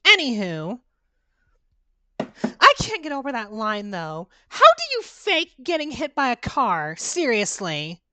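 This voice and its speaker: Bright, animated woman playing horror games. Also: fairly high pitch, takes it slowly, a little hiss or hum. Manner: sarcastic, playful, exaggerated reactions. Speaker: VTuber game streamer. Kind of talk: let's-play horror game commentary.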